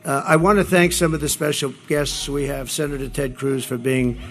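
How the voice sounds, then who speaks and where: A man's voice: medium pitch, steady tone, moderate pace, a bit bright, faint music behind. A man giving a rambling, repetitive campaign rally speech, boastful and full of asides. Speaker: politician addressing a rally.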